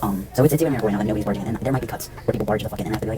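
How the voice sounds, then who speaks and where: A man's voice: on the low side, racing, noisy background. A young man vlogging to camera indoors at home, rambling and swearing, with lots of fillers and restarts. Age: young adult. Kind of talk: casual rambling talk to camera.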